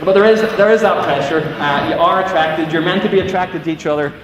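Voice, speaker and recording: A middle-aged man with a Northern Irish accent tells funny stories to a teenage audience in a big civic hall, slipping into acted voices as he goes. His voice rings out with heavy echo and a long hall reverb, and the room hum is clearly there behind him. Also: a little high, fairly quick. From Northern Ireland. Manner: storytelling with acted-out voices and asides. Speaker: youth speaker. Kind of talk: humorous talk to teenagers. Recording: echoey hall from far off.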